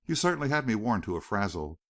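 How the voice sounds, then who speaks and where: A man's voice: fairly low pitch, very animated, fast talker. A male narrator voicing a proud, coquettish young city woman in an audiobook. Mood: poised.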